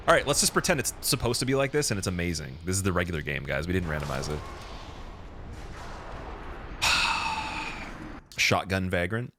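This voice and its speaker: A man's voice: sits low, noisy background. A young man streaming a game, chatting casually with a rambling, laughing manner. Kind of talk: casual live gameplay commentary.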